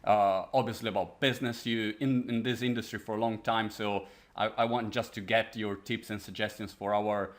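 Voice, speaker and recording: A man's voice: lowish voice, steady tone, moderate pace. A man with an Italian accent, hosting an interview in eager, rambling English full of restarts. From Italy. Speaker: interview host. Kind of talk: casual interview.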